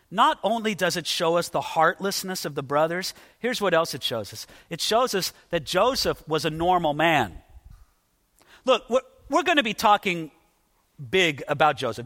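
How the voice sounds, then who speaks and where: A man preaches a sermon, acting out the people of a Bible story with dramatic voices. His voice is high and bright, and it rings out with a long reverb as if filling a large hall. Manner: dramatic, acts out Bible figures in quotes. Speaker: pastor.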